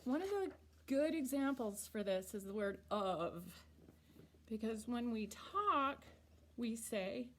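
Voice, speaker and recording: Slow, patient woman teaching young children. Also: fairly high pitch, expressive, fairly bright tone. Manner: slow, patient, deliberately sounds words out. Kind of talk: reading lesson for children. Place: school or classroom.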